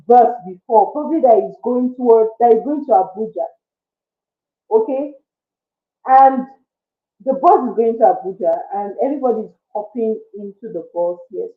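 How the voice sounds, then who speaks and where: A woman giving a motivational talk, earnest and coaxing, repeating her points. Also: fairly high pitch. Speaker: motivational speaker. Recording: echoey, tinny phone-like sound.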